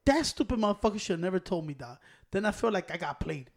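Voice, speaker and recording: A man telling profane, animated stories in casual podcast banter, breaking into loud laughs. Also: high voice, fast talker.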